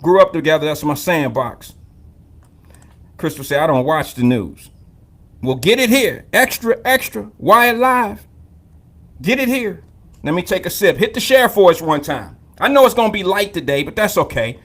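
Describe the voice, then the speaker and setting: Young male live-stream host, AAVE, high and very lively voice, profane, joking storyteller. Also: moderate pace. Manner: loose, profane, joking storyteller who greets viewers by name. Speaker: host of a live call-in drive-time show. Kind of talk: casual live-stream monologue.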